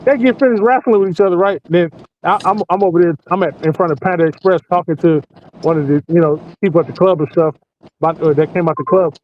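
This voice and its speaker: A man in his forties with a high voice spins a profane, animated story in casual chat. He laughs often. The sound is muffled and lo-fi, with a faint hiss. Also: fast. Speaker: podcast host working night security patrol.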